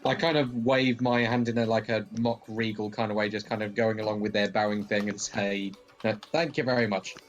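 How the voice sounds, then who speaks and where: A man's voice: on the low side, flat delivery, brisk, few pauses, muffled recording, soft background music. A British man playing in a tabletop game, playful and mock formal. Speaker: player. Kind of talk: casual tabletop play.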